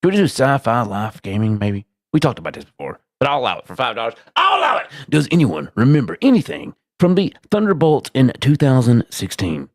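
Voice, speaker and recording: Loud exasperated man hosting a live stream. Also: sing-song, brisk, few pauses. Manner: loud, exasperated, swearing, swings between shouting and low mutters. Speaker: livestream podcast host. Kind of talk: live-stream podcast chat.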